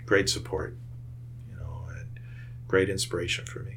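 Deep-voiced earnest priest recalling his family. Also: level tone. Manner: earnest, measured, with hesitant fillers. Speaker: priest and church office director. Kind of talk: reflective interview recollection.

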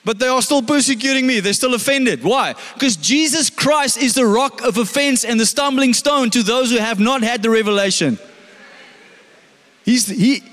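Male pastor, high voice, casual questioning sermon, echoing church hall. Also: normal speed, fairly bright tone. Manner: conversational preaching, asks the congregation questions.

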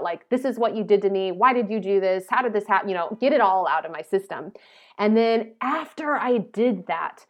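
Earnest woman, personal storytelling, mid pitch, slightly muffled recording. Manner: earnest, emotional, many restarts and fillers. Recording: slightly dull, lo-fi sound.

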